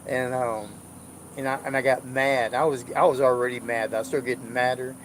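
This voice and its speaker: A jovial man with a drawl, rambling through a casual chat from his home. His voice sits at an ordinary middle pitch, with faint background noise behind him. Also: flat delivery, moderate pace, fairly bright tone. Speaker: vlogger. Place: indoors at home.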